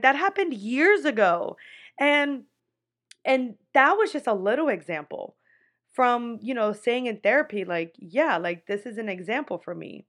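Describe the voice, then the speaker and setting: A woman's voice: fairly high pitch, fairly bright tone. A woman in her twenties talks into a podcast microphone, sharing her own experiences with candor. She is blunt and swears freely, and her speech runs on casual fillers like "like" and "you know". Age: 20s. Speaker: podcast host. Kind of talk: candid personal storytelling.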